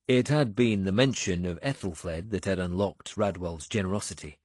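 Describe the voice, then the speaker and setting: Low-voiced male audiobook narrator. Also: dry recording, studio quality. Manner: measured storytelling, lively pitch. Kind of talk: scripted narration.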